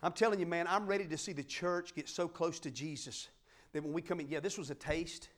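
A middle-aged man preaching a sermon, fervent and emphatic, swinging between loud declarations and quiet asides. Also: on the high side, fairly quick. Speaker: pastor.

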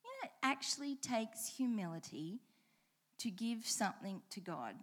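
A woman's voice: a little high, big pitch swings, normal speed, a bit bright. A woman preaching a sermon, reading scripture aloud and repeating key lines with changing emphasis, asking the congregation direct questions.

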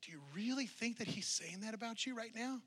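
A man's voice: high voice, fairly quick, a bit bright, breathy edge. A male pastor preaching a sermon to a congregation in a church, driving his point home with strings of repeated rhetorical questions.

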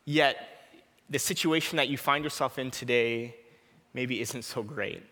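A man's voice: mid-range voice, a little slow, sharp tone, in a large hall. A man in his thirties preaching an earnest, personal sermon, often repeating a short prayer.

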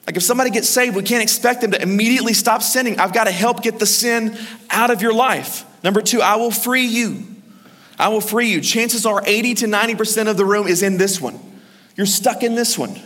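A man preaching a sermon as pastor, energetic and urging the congregation to answer back. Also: high voice, quick pace. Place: large church hall. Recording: reverberant church hall.

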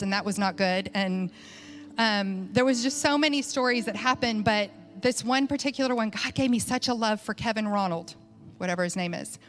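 A woman's voice: on the high side, a bit bright. Chatty woman telling a sermon story. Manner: chatty, conversational, many fillers and restarts. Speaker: church speaker. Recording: faint music behind.

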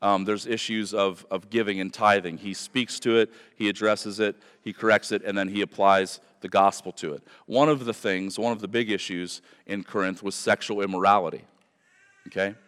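A man's voice: fairly low pitch, fairly even intonation, moderate pace, a bit bright, clean tone. Man, pastor, earnest emphatic sermon, repeated phrases, reverberant church hall.

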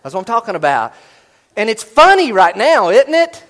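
A man preaching a sermon as pastor, swinging from loud emphasis to hushed asides and acting out quoted inner voices. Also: high-pitched, very animated, moderate pace.

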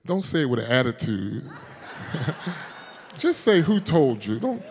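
A man's voice: sits high, big pitch swings, slow pace, pauses often. Preaching man in an echoing church hall. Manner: preaching with swings from loud declarations to hushed prayer; calls on the congregation, jokes and laughs with them. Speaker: pastor. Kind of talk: sermon.

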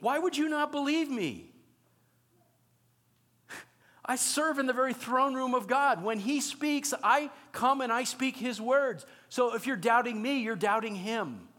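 A man's voice: very high voice, lively intonation, moderate pace, few pauses, sharp tone, pitched above the performer's own voice, heavily acted. A man voicing an indignant male angel who scolds and sounds incredulous. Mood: exasperated.

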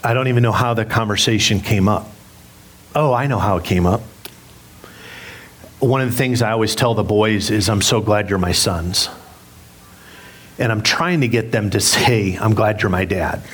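A man's voice: lowish voice, moderate pace, pauses often, fairly bright tone, husky. A middle-aged man preaching a sermon as pastor, candid and self-deprecating as he tells a story with humor. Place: church sanctuary.

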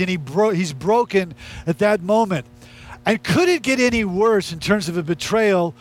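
Brief: male pastor, high voice, casual but emphatic sermon delivery with lots of repetition. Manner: conversational, emphatic preaching with repetition.

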